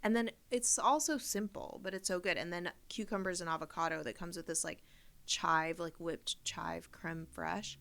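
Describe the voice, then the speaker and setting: A woman's voice: fairly low pitch, fairly even intonation, normal speed, gravelly, a bit bright. A woman with an American accent co-hosting a comedy podcast, chatting enthusiastically with frequent swearing. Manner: profane, enthusiastic. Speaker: podcast co-host. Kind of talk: casual chat.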